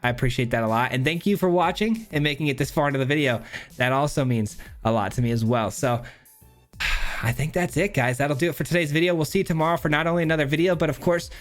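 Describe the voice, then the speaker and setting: A man's voice: fairly high pitch, fast, faint music behind. Upbeat rambling male channel host. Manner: rambling, upbeat, many fillers and restarts. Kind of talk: casual deck breakdown commentary.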